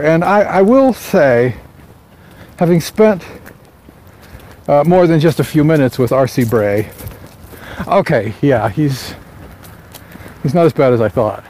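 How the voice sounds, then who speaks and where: A man's voice: a little high, a little mellow, slight background noise. A man vlogging casually outdoors as an author, musing aloud in a rambling way with lots of fillers and restarts. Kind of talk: casual morning vlog.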